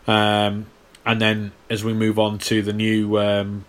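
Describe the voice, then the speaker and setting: A man's voice: lowish voice, monotone, takes it slowly. A man co-hosting a casual film podcast, explaining at length and stammering over his restarts. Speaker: podcast co-host.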